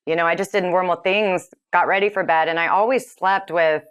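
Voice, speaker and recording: A woman, a podcast guest, recounting a personal story in an earnest, halting way, with many fillers and restarts. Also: on the low side, steady tone, clear, resonant tone, highs cut off.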